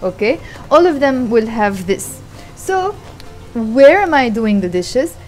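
Mellow-voiced woman teaching at her kitchen sink. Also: on the high side, very animated, faint music behind. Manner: patient, repeats words slowly and explains each one. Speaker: language teacher. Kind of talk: casual vlog lesson.

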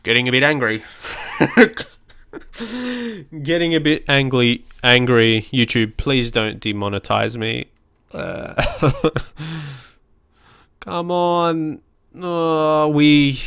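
A man giving excitable let's play commentary on a football management game, shouting at the screen and swearing now and then. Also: mid-range voice, clean tone, no echo, clean studio sound. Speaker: gaming YouTuber.

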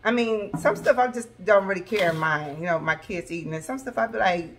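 A woman vlogger, chatting excitedly to her viewers from her home kitchen. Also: mid-range voice, brisk, a little hiss or hum. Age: adult with school-age children. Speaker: vlogger sharing a grocery haul. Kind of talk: casual chat to camera.

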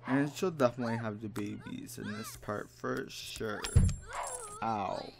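Exasperated slow-talking man commenting on a game. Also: on the low side, creaky. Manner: exasperated, dramatic, mock-scolding. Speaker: let's play gamer. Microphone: desk microphone.

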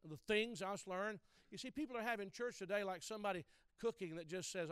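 Male preacher, high and resonant, teaching sermon, emphatic repetition, close dry mic. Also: a little fast, fairly bright tone, smooth, no echo. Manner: emphatic, repeats key phrases, addresses listeners directly.

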